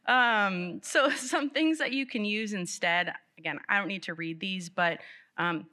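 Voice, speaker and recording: A woman special education teacher giving a live presentation to parents in a library meeting room, talking in an animated, conversational way with light laughs. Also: mid-range voice, unhurried.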